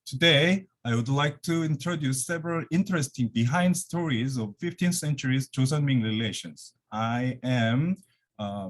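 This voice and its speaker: A man gives an academic lecture over a video call from his office, slightly out of breath, with many fillers and restarts. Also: medium pitch. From Korea. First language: Korean. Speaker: guest lecturer.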